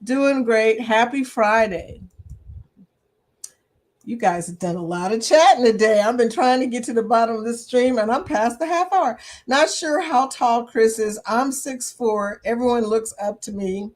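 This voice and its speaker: A woman's voice: on the high side, unhurried, a little mellow. Chatty laughing woman livestream host. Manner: chatty, laughs often, says y'all. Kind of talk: casual livestream chat reading comments.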